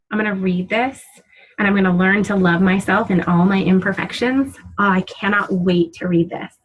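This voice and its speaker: A woman in her thirties speaks on a team call as a fitness coach, open and emotional. She swears casually as she talks. Her voice has a husky edge. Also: medium pitch, low-quality recording. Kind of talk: motivational team call talk. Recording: call audio.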